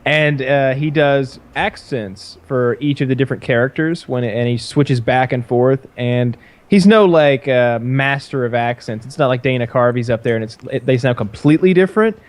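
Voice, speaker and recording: A man's voice: mid-range voice, normal speed. A man in his twenties co-hosting a podcast, explaining in rambling casual banter. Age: 20s. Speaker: podcast co-host.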